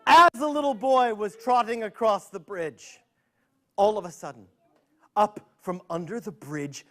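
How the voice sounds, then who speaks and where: Lively male children's storyteller, pitch leaping, playful asides. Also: moderate pace. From United States. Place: public library event.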